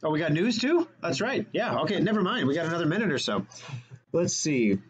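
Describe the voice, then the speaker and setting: A man hosting a radio show, talking fast and energetically in casual chat and correcting himself as he goes. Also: a little high, big pitch swings, husky, dull audio.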